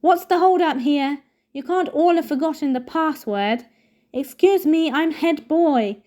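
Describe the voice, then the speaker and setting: A woman's voice: sits high, a little slow, pitched above the performer's own voice. A woman reading aloud, voicing a self-important young male head boy with a bustling, officious manner. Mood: pompous. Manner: bustling, important, then sharp.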